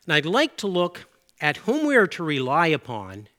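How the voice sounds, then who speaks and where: A man's voice: fairly high pitch, wildly swooping pitch, normal speed, a bit bright. A middle-aged man from Canada preaching a sermon in an earnest, conversational way, with asides and self-corrections.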